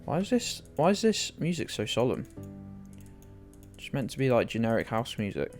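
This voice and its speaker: A man's voice: medium pitch, very animated, normal speed, a little mellow. A young British man live-streaming a game, rambling and joking with viewers and swearing freely. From United Kingdom. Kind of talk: casual live-stream chat while playing. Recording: faint music in the background.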